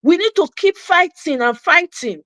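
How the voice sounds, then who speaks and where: A woman's voice: very high-pitched, lively intonation, moderate pace, a bit bright, no room sound. A woman with a Nigerian accent hosting a live political commentary show, ranting passionately and slipping Pidgin into her English. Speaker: host.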